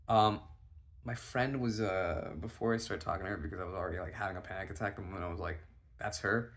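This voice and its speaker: A young man telling a rambling, anxious story about himself, swearing and loudly acting out his own lines. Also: low-pitched, fast talker. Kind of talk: casual storytime monologue.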